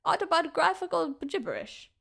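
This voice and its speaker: A woman's voice: extremely high pitch, wildly swooping pitch, normal speed, gravelly, very noisy, voice pushed up, heavily acted. A woman voicing a haughty young female prosecutor with a cold, clipped, scornful delivery. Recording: loud game music behind.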